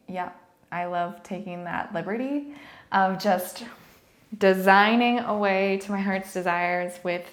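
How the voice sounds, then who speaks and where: A bubbly, chatty young woman talks through a baking vlog in her home kitchen. Her voice carries the echo of the room. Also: medium pitch. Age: young adult. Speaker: baking vlogger. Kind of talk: casual chat.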